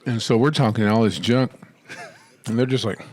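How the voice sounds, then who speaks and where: A man's voice: medium pitch, steady tone, moderate pace. A middle-aged man co-hosting a casual podcast chat, telling jokey stories and laughing often. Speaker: podcast co-host.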